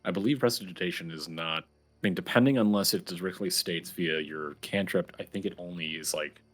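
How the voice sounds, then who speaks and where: A man with a fairly low voice narrates a tabletop game as game master. He talks loosely, with many fillers and restarts, describing scenes and calling for rolls. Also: a little fast.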